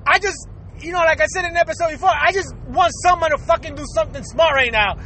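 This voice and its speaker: High, bright-voiced man ranting bluntly. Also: fast. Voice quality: profane, laughs often, blunt. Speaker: podcast host. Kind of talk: casual ranting monologue.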